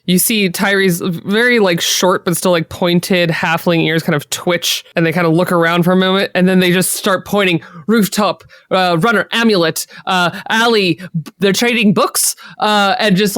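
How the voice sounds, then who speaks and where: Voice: medium pitch, steady tone, moderate pace, few pauses, fairly bright tone, dry recording, clean studio sound. A player in a tabletop game describing their character's actions casually.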